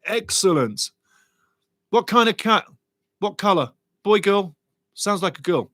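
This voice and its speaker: A middle-aged man hosting a live football watch-along, calling the action excitedly and reading viewer comments aloud. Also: sits high, measured pace, no room sound.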